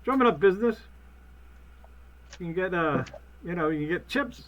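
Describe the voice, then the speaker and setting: A man co-hosting a casual podcast, loud and profane, breaking into jokey outbursts. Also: high voice, animated, normal speed, slight background noise. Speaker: podcast co-host. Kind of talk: casual banter.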